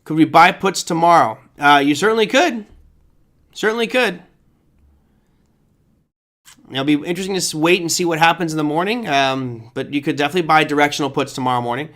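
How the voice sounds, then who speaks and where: A man's voice: on the high side, a little fast, long pauses, a bit bright. A man hosting a live trading stream, talking casually about the markets and answering viewer questions, often checking in with "right?". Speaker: trading show host.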